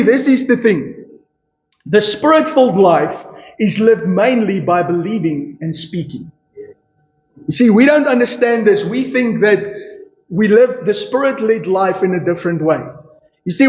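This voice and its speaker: Male pastor, high voice, emphatic sermon delivery, echoey church room. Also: a little mellow. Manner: emphatic preaching with rhetorical questions and repeated "you see". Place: church hall. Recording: echoey church hall, dull lo-fi sound. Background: congregation calling out responses.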